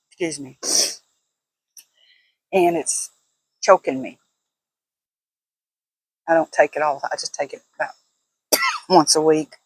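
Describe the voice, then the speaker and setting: A woman's voice: sits low, slow pace, pauses often, breathy edge, no room sound, low-quality recording. An older woman chatting casually to camera as a vlogger, laughing often in a folksy way. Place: at home, walking indoors and out.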